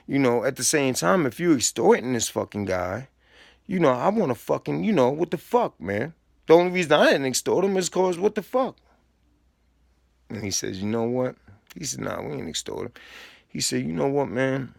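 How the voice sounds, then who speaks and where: A man's voice: mid-range voice, lively intonation, normal speed, gravelly, pauses often, no echo, studio quality. A man telling a story in a profane, streetwise way, acting out the back-and-forth of quoted exchanges. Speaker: storyteller recounting prison time. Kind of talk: casual storytelling.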